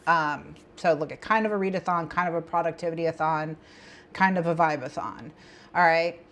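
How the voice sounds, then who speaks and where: A woman hosting a casual co-working livestream, talking in a rambling, chatty way with bursts of excitement. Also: deep voice, normal speed. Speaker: livestream host. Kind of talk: casual co-working stream chat.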